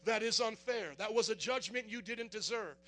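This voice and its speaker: A man preaching an energetic sermon to a congregation, animated and comic, acting out little scenes and raising his voice to a shout. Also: high-pitched, moderate pace. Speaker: pastor. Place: church before a congregation.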